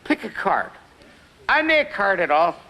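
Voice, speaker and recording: A sly, bouncing Irish rogue, played by a man on stage, his high voice leaping all over the place. Worn VHS tape hiss hangs under every word. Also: sing-song, unhurried, exaggerated voice. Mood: gleeful. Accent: stage Irish, put on. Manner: impish, playful, theatrical. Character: cheeky male trickster with put-on Irish brogue. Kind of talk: stage farce acting.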